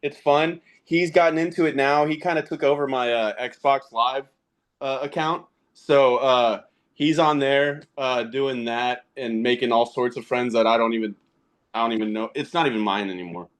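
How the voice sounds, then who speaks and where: A man in his thirties, guesting on a podcast, tells laid-back stories about being a dad and playing games, laughing a lot along the way. His voice sits at a medium pitch with fairly even intonation, and he speaks at a moderate pace.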